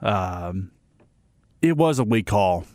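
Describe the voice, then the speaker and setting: A man's voice: on the low side, animated, takes it slowly, a little mellow, dry recording, clean studio sound. A man hosting a sports radio segment, giving blunt, ranting opinions and often restarting and repeating himself.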